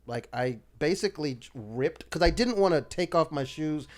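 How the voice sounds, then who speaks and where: A man's voice: on the high side, moderate pace. A man guesting on a comedy podcast, telling a rambling story and swearing a lot. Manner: rambling, animated, laughs through his story, swears a lot.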